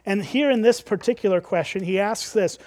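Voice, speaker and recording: High-voiced man teaching from the Bible. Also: brisk, a little mellow, no echo, studio quality. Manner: explains with rhetorical questions, checks in with "right?".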